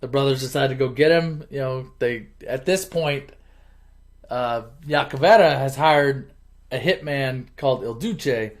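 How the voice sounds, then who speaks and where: A man hosting his channel, casually retelling a movie plot in an animated, chuckling, conversational way. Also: mid-range voice, a little slow. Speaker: channel host.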